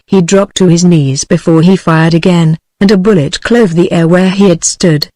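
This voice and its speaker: A synthetic text-to-speech voice of a woman with a British English accent, narrating a novel in a steady, even, machine-like delivery. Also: fairly low pitch, moderate pace, dry recording, poor audio. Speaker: audiobook narrator.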